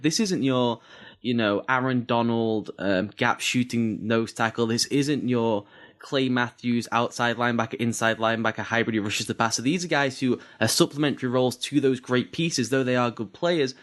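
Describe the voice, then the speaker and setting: A man in a plain, mid-pitched voice co-hosts a football podcast. He breaks down teams analytically, rattling off detail in quick bursts with small restarts. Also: a bit bright. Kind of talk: casual sports analysis.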